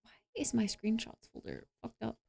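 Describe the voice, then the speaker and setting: Young woman streamer, giggly casual chat, high lively voice. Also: moderate pace, creaky. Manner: giggly, laughing fits while reading comments.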